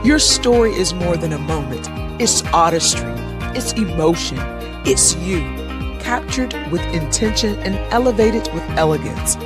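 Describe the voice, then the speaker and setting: A woman reading a scripted luxury photography ad in a smooth, polished promotional delivery. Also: fairly low pitch, lively intonation, normal speed, over loud music, natural voice. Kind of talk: scripted ad read.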